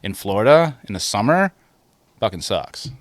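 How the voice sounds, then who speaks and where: A man's voice: lowish voice, very animated, moderate pace, no echo. A man on a podcast as a guest, telling rambling, profanity-laced stories in casual chat. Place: lives in Florida.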